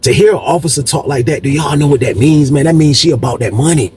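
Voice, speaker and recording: A man casually telling a personal story to viewers, animated and slangy, often turning to them with "y'all". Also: a little high, quick pace, slight background noise.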